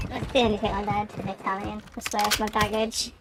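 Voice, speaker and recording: A woman with a fairly high voice chats on a live game stream, wandering between thoughts and interrupting herself. Loud game gunfire and clicks run underneath her talk. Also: flat delivery, normal speed, few pauses, very noisy. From United Kingdom. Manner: rambling, self-interrupting, chatty. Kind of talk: casual chat while gaming.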